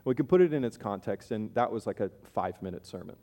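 A man's voice: fairly low pitch, lively intonation, fast talker, dark tone, in a large hall. A man preaching a sermon as pastor, conversational, with playful asides and acted-out voices of the people he describes.

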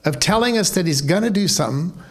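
A man's voice: sits high, lively intonation, fast. A man preaching a sermon as pastor, conversational and wry, full of rhetorical questions.

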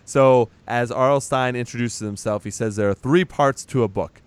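A man's voice: mid-range voice, moderate pace, clean tone. A man in casual chat, recapping a movie as a podcast host, chatty and teasing, swearing now and then.

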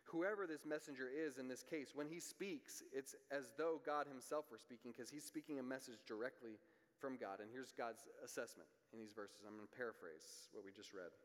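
A man in the middle of a sermon, speaking at an ordinary pitch for a man. He is earnest, pushing harder on the points that matter and falling quiet for asides. His voice rings with a long reverb, as if in a large hall. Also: moderate pace. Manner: earnest, builds intensity on key points, drops to quiet asides. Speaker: preacher.

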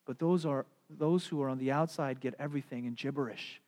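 A middle-aged man preaching a sermon as a pastor, telling stories in an animated way and putting on playful voices. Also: medium pitch, fairly quick. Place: church sanctuary. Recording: long hall reverb.

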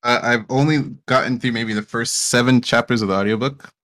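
A man's voice: mid-range voice, a little fast, fairly bright tone. A man in a casual chat among friends, making dry, wry remarks.

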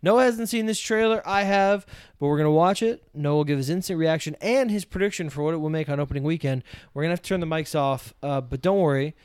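A man's voice: a little high, fast talker, few pauses, a little mellow, clear, resonant tone, no room sound, clean studio sound. A man co-hosting a casual movie podcast, upbeat and leading the segments. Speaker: podcast co-host.

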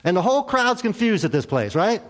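A man preaching a sermon, telling a story with lively acted-out voices. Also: sits high, fairly quick. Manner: animated storytelling, acts out characters. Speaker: pastor.

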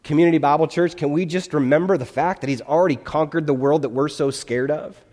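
A man's voice: fairly high pitch, fairly even intonation, fast talker, a little mellow. A male pastor giving a conversational sermon in a church, often checking in with his listeners. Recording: long hall reverb.

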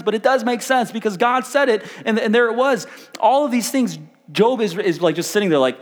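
A man's voice: high-pitched, quick pace. Young male pastor preaching in a reverberant hall. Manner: animated, repeats words, sways between loud and hushed. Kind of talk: sermon. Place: church hall. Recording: live in a reverberant church hall.

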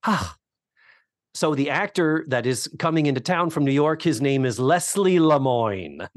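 Male podcast co-host, expressive and chatty, dry studio mic. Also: fairly high pitch, measured pace, no room sound. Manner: animated, acts out characters' lines in quotes. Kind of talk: casual chat recapping a sitcom episode.

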